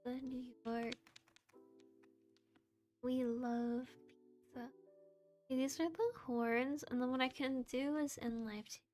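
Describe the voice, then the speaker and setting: Giggly high-voiced woman streamer. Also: steady tone, slow pace, long pauses. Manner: giggly, chatty and self-deprecating. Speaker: VTuber streamer and model rigger. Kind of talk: casual livestream chat. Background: soft background music.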